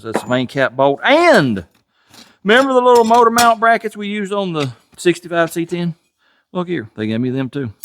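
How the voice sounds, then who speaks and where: A Southern US man chats casually as he works on a car in his home garage, folksy and quick to poke fun at himself. His voice leaps around with a lively, animated pitch, sitting a little high for a man. Tool clatter and shop noise come through clearly behind him. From Tennessee, USA. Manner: folksy, chuckling, self-deprecating. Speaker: garage channel host. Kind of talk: casual workshop vlog talk.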